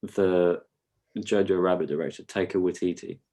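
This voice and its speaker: This man co-hosts a podcast, chatting casually in a low, steady, dark-toned voice at normal speed. He tends to ramble, laughing as he tells his stories and breaking into silly voices.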